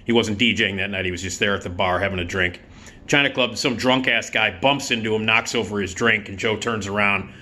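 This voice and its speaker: Man in his fifties, rambling vlog storyteller, forceful bright voice, swears freely. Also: on the low side, fairly even intonation, brisk. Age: 50s. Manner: rambling, profane, lots of filler words. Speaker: YouTube host.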